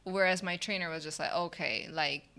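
A woman's voice: fairly low pitch, moderate pace. A woman telling a story in a casual chat, acting out the people she quotes and laughing often. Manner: animated, acts out quoted dialogue, laughs often.

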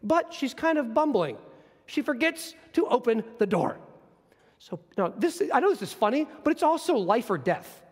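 A man preaching a sermon, teaching from scripture in an animated storytelling manner. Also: very high-pitched, moderate pace, long reverb tail. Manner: animated, storytelling, acts out scenes.

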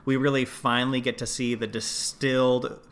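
A man's voice: medium pitch, little pitch movement, normal speed, a bit bright. Jokey man co-hosting a podcast. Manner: jokey, playful asides. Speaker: podcast co-host. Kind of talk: casual chat.

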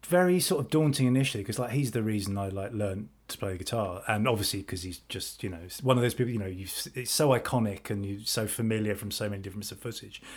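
Fast-talking man hosting a podcast. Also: on the low side. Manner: fast, hesitant, full of fillers and restarts. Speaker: podcast host. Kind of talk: casual chat.

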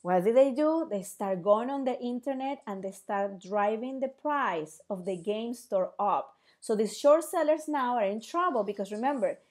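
A woman with a fairly high voice explains in a casual, animated teaching style. She keeps asking rhetorical questions and acts out short exchanges as she goes. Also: moderate pace, hardly any pauses.

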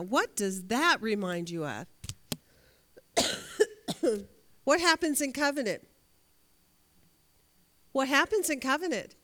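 Casting note: woman with a higher voice, Bible teacher quizzing her class and reading scripture. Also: bright, forceful tone. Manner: asks the class questions, reads scripture aloud. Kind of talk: Bible study lesson.

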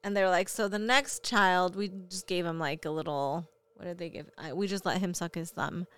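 Young mom, casual chat, clear smooth voice, candid storyteller with lots of fillers. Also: female voice, fairly low pitch, normal speed, fairly bright tone. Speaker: parent.

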